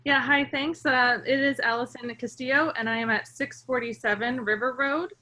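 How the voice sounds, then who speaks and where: A woman giving a measured, polite public comment as a resident, calling in to a town meeting. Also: high voice, fairly even intonation, pushed and bright. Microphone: remote call-in.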